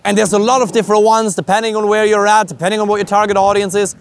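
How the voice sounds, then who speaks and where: Speaking to camera with a German accent, a male dating coach gives a blunt, emphatic monologue packed with rhetorical questions. His voice is high and level in tone, and he talks at a quick pace over slight background noise.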